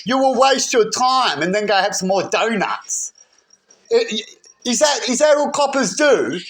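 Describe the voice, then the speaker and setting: A man's voice: very high-pitched, very animated, measured pace, fairly bright tone. A man ranting heatedly to camera, rambling and often asking "right?". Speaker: vlogger. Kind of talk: agitated personal rant.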